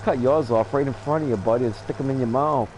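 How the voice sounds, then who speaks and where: A man's voice: mid-range voice, fast, a little mellow, slight background noise, rough recording. A man in his fifties hosting a gaming channel, chatting casually and telling blunt stories with frequent laughter. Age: 50s. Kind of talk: casual chat while gaming.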